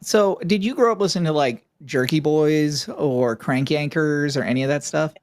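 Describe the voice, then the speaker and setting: A man's voice: fairly high pitch, normal speed. A man hosting a casual interview, telling loose, profane stories in a rambling way. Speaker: podcast host.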